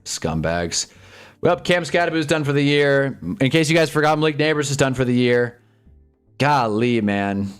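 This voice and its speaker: Man, live streamer, frustrated sports fan, swears a lot, mid-pitch voice, faint music behind. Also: moderate pace, clean tone. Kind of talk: live game watch-along commentary.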